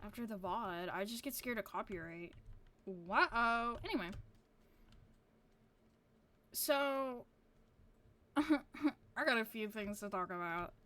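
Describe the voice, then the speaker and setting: A woman's voice: mid-range voice, slow, pauses often, fairly bright tone. A woman streamer chatting casually to her viewers, rambling with lots of fillers and casual swearing.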